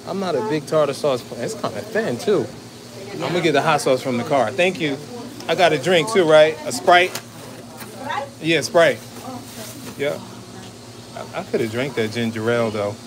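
A food vlogger, a man with a slightly high voice, chats casually to his viewers at normal speed, pausing often, as he films at a fish market and by his truck. He's chatty and keeps calling his viewers "y'all." Crowd noise and loud street and vehicle sounds fill the background.

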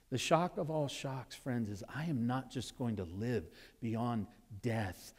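A man from Nevada preaching a sermon as pastor, animated in his storytelling, swinging between loud exclaims and hushed asides before a congregation. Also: medium pitch, slow. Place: church sanctuary with congregation. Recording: long hall reverb in a church.

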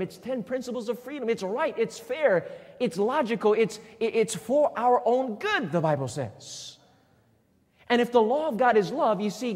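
A man with a high voice preaches a sermon in a church hall, and a long reverb trails after his words. He is emphatic, repeats his key phrases, and keeps prompting the congregation to answer him. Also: a little mellow, husky. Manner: call-and-response, asks the congregation questions.

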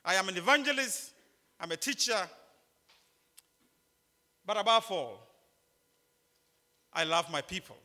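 High bright-voiced Ghanaian preacher man. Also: animated, a little slow, long pauses. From northern Ghana. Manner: emphatic, repeats key points, jokes with the audience. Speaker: conference speaker. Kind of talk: preaching lecture to students. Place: large chapel. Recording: long chapel reverb.

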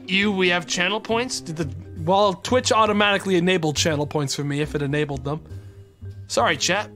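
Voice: medium pitch, a little fast, fairly bright tone, faint music behind. Joking streamer chatting to viewers. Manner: joking, rambling asides to chat. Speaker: game streamer. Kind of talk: casual live-stream chat.

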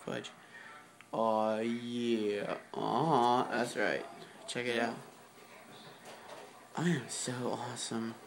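A vlogger with a mid-range voice and vocal fry talks slowly, pausing often, while filming their bedroom on a handheld camera. The casual home video is offhand, rambling and goofy.

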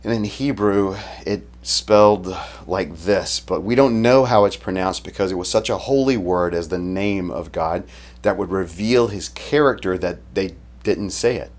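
A man preaching a sermon in a relaxed, conversational way, retelling the story casually and often restarting his sentences. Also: sits low, unhurried. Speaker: pastor.

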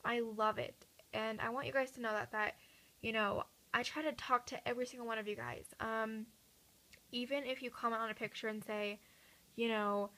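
Chatty teenage girl, slightly raspy. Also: a little high, steady tone, moderate pace, sharp tone, poor audio. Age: teens. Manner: chatty, earnest, many fillers and restarts. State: slightly raspy from talking a lot. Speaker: vlogger. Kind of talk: casual chat to camera. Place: at home at night.

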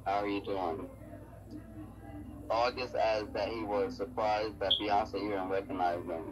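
Deep-voiced radio co-host, noisy line. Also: male voice, fairly even intonation, unhurried, lo-fi sound. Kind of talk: casual radio chat and reading news aloud.

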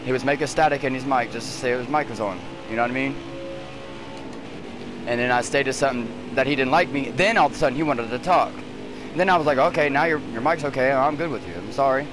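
Streaming an online race from home, this fast-talking man with a mid-range voice curses and rants at his friends over a headset. The trash talk is angry and heated, and there's noise behind him.

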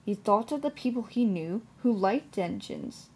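Young woman reading a kids' storybook, slow and careful, kinda breathy. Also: medium pitch. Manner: calm, deliberate reading. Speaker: narrator. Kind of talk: storybook narration.

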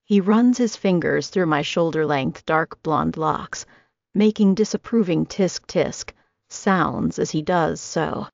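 A woman in her twenties narrating a first-person audiobook with steady, even storytelling. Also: sits low, slow pace, creaky, no echo. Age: 20s. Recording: dry, slightly dull audio.

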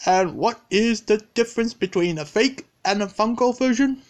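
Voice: mid-range voice, moderate pace, close to an everyday voice. A performer voicing a boastful purple animatronic bear in a fan-made story, talking in a rambling, earnest way.

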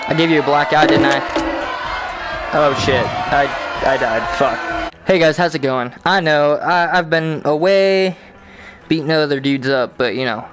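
A young adult gaming host giving casual commentary on a VR game while swearing at and talking to the game characters, breaking into shouts and loud laughter. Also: medium pitch, unhurried, loud music behind the voice, a loud crowd.

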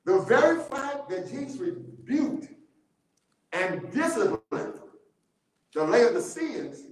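Guy teaching bible study, high voice, slow and deliberate, laughs a lot, super echoey church room. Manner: animated, laughing often, repeating key words.

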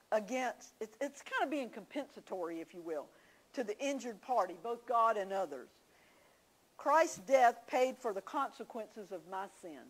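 A woman's voice: on the high side, rough recording. A woman teaching a church class, telling homey stories with confiding asides. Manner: folksy storytelling, confiding asides.

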